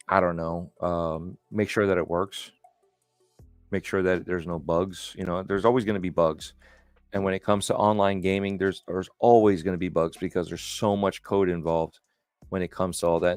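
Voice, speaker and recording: A man's voice: sits low, no room sound. A man hosting a casual podcast chat, telling stories in a rambling, enthusiastic way. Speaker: host.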